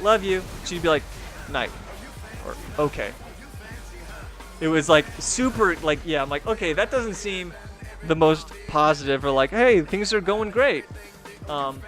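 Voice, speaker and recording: Young man, casual storytelling, rambling, lots of filler words, slightly high voice, faint music underneath. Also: fairly bright tone. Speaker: gaming streamer and video host.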